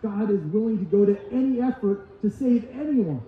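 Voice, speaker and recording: A pastor preaches with emphatic, repeated phrases in a high voice. His sermon sounds tinny and phone-like, and heavy church echo surrounds it with faint noise behind. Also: lively intonation, moderate pace. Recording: echoey hall, tinny lo-fi sound.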